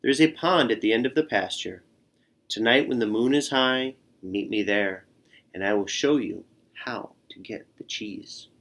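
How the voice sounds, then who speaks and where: A man's voice: fairly low pitch, normal speed, fairly bright tone. A man voicing a clever little female lamb who bleats and pleads in a storybook reading. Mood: scheming. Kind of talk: storybook character voice.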